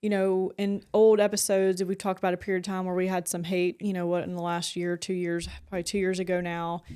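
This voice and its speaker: A woman's voice: lowish voice, flat delivery, a little fast, dark tone, clear, resonant tone. Chatty woman telling a rambling story. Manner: rambling storyteller, heavy use of "like". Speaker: podcast co-host. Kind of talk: casual podcast chat.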